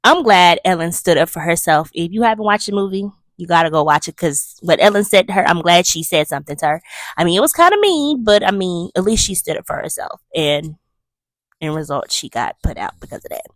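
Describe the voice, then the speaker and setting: A woman hosting a casual movie review, chatty and animated as she retells scenes with emphatic asides. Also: lowish voice, fairly quick, dry recording, clean studio sound.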